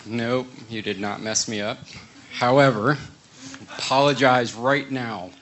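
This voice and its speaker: A man's voice: mid-range voice, a little slow, a bit bright, a little hiss or hum, poor audio. A man giving a sermon in a conversational way, asking the congregation questions. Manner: conversational, asks the room questions. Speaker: guest preacher.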